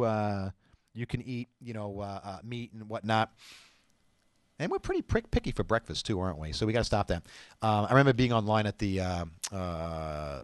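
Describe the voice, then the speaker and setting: A man's voice: lowish voice, dry recording. Chatty rambling man, dry close sound. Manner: rambling, chatty, many fillers and restarts. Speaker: show host giving diet advice. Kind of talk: casual talk to camera.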